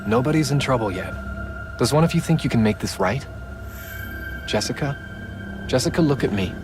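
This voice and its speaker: An actor playing a soft-spoken, controlling male priest in a video game, coaxing and quietly menacing. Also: medium pitch, animated, moderate pace, over music, natural voice. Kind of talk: video game cutscene acting.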